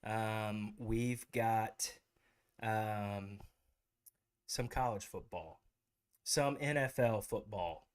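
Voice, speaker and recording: A man's voice: on the low side, very slow, pauses often. A man hosting a casual livestream chat show, rambling with many fillers. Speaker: host.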